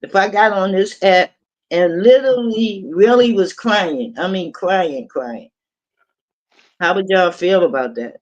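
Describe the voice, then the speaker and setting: A woman's voice: medium pitch, measured pace, a little mellow, highs cut off. A woman chatting on a live audio panel, protesting in a mock-offended way and drawing out her questions. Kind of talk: casual chat.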